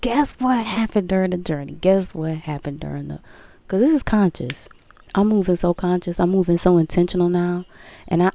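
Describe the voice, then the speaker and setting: A woman's voice: low-pitched, gravelly, mellow, no room sound. A woman talking candidly to her viewers about her spiritual path, emphatic, repeating phrases, swearing and laughing. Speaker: spiritual vlogger. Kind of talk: casual spiritual talk to viewers.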